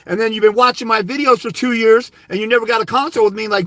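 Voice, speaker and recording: A man's voice: sits high, steady tone, quick pace, a bit bright, dry recording. A man consultant giving a blunt, profane, berating livestream rant. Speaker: fathers' rights consultant. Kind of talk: ranting livestream monologue.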